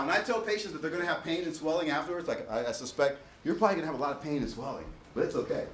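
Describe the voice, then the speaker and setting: A man giving a lively, jokey dental lecture, mimicking patients to make his points. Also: racing, hardly any pauses, slight background noise. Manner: acts out patients in a high whiny voice, jokey. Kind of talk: animated classroom lecture. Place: lecture hall. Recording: echoey lecture hall, voice from a distance.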